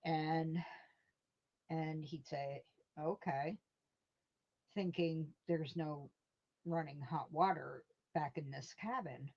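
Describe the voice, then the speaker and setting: A woman hosts a laid-back live stream, telling rambling stories and reading out her chat with easy chuckles. Her voice is fairly low and her pace slow. The audio is dull and lo-fi. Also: steady tone, darkish tone, breathy edge.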